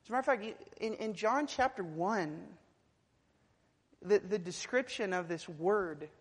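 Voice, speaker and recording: A man preaching a sermon, swinging from hushed, quiet passages to loud, emphatic climaxes. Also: high voice, unhurried, slightly rough. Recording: long hall reverb.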